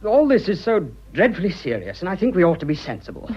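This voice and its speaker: A man's voice: high voice, wildly swooping pitch, fast, darkish tone, husky, lo-fi sound, exaggerated voice. An actor playing an earnest, flustered young businessman declaring his love, stammering in clipped upper-class British speech in a radio drama.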